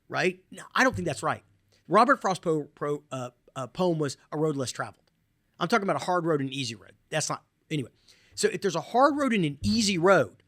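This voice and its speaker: A man hosting a podcast, giving casual advice in an animated way and often tossing in "right?" and "man". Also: sits high, no room sound, clean studio sound. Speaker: podcast host.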